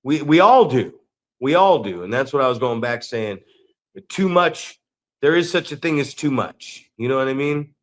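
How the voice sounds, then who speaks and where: A man's voice: medium pitch, animated, normal speed. A man co-hosting a wrestling podcast, telling crude rambling stories in casual chat and slipping into quoted voices. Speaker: podcast co-host.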